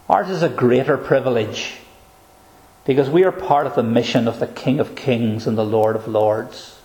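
A man preaching a sermon, earnest and emphatic, slowing down to stress key phrases. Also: medium pitch, darkish tone, echoey room, poor audio.

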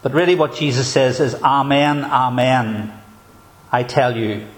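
A man, a pastor, preaching a sermon in an emphatic, measured way with deliberate pauses. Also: medium pitch.

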